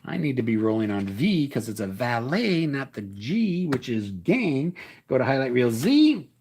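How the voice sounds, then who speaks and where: Lively, chuckling man calling a tabletop wrestling game. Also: mid-range voice, a little slow, slight background noise. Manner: chuckling, self-correcting, jokey ring-announcer patter. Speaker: game host and commentator. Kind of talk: playful solo tabletop wrestling game commentary.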